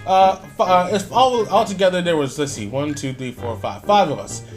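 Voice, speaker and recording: Man vlogger, casual rambling storyteller, slightly high voice, music bed behind. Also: moderate pace. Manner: rambling, many fillers and restarts, chuckling. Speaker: YouTuber.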